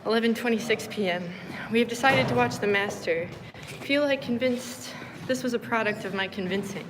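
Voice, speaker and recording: A woman on a live stream, reading her diary entries aloud in a flat, deadpan way with casual asides. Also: on the high side, moderate pace, background noise. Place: moving between venues and a car.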